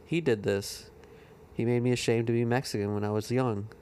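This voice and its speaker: A man's voice: mid-range voice, fairly even intonation, fairly quick, dark tone, clear, resonant tone. A man guesting on a podcast in casual chat, laid-back and hesitant, often trailing off. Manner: laid-back, hesitant, says "I don't know" a lot.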